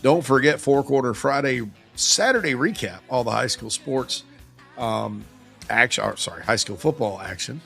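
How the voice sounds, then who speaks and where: A man hosting a sports talk show, chatting casually and joking with quick asides. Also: medium pitch, animated, creaky, fairly bright tone, slightly rough, soft background music.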